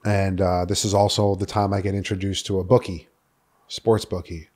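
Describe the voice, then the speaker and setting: A man in his thirties from New York City talks frankly about his own story as a guest on a podcast. His voice is low, mellow and fairly flat in pitch at a normal speed, and he swears freely and fills gaps with "uh" and "like."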